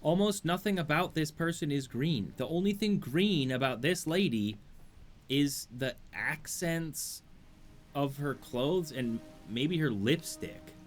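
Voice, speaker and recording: A man's voice: fairly high pitch, animated, takes it slowly, slight background noise. A man streaming a video game, giving rambling, wry commentary that easily drifts off topic. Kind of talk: let's play commentary.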